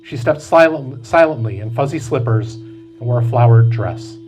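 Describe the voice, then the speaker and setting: A man, the author, reading aloud from his novel at a bookstore event in slow, measured storytelling. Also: medium pitch, lively intonation, darkish tone, soft background music, poor audio.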